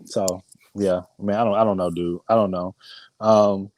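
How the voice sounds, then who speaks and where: Podcast co-host, male, low mellow voice, slangy and hesitant, dry close sound. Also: normal speed, no echo, low-quality recording. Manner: animated, hesitant restarts, slangy ("dude"). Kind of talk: casual chat.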